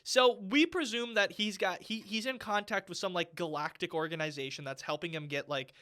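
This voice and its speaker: A man's voice: sits high, brisk, pushed and bright. A man co-hosting a podcast, giving a rambling, emphatic casual movie review. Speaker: podcast co-host. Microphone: studio microphone.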